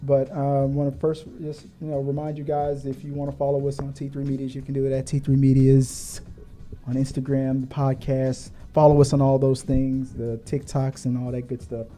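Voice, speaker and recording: A man hosting a live movie talk stream, energetic and joking, rambling a bit between topics. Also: mid-range voice, moderate pace, soft background music. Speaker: podcast host.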